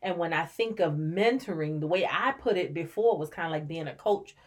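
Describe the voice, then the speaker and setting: Low-voiced reflective middle-aged mother. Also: a little fast. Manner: reflective, storytelling, laughs often. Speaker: podcast co-host and mother. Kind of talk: casual conversation.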